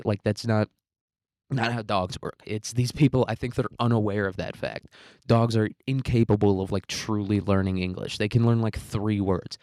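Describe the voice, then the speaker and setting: A young man rambles through a casual, profanity-laced rant at home, chuckling between thoughts. His voice sits fairly low and comes across smooth and resonant, in a dry, close recording. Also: steady tone, moderate pace, a little mellow, no echo. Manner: profane, rambling, laughs often. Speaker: podcast host. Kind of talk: casual ranting monologue.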